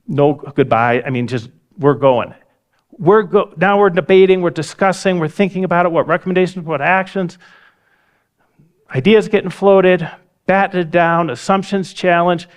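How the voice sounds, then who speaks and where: A man with a slightly higher voice tells a story at a talk. He acts out the quoted dialogue as he goes, and the telling is vivid. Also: fairly even intonation, unhurried. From United States. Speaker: speaker. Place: lecture hall.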